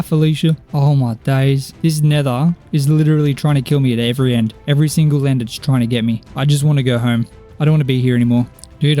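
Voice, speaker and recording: A young man giving excitable gameplay commentary as a video game streamer, often exclaiming and talking to the characters in the game. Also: mid-range voice. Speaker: Minecraft YouTuber.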